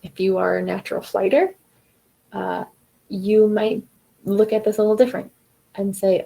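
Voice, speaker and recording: A woman's voice: mid-range voice, level tone, normal speed, gravelly, long pauses, dark tone, poor audio. A woman giving a casual, encouraging live coaching talk to singers, acting out their inner voices as she goes.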